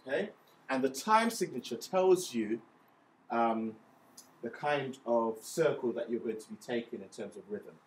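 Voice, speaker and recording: A man's voice: medium pitch, lively intonation, a little slow. Male music teacher, patient step-by-step explainer, counts beats aloud; recorded a bit off-mic in a roomy space. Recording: echoey room, voice a bit far from mic, faint ambience.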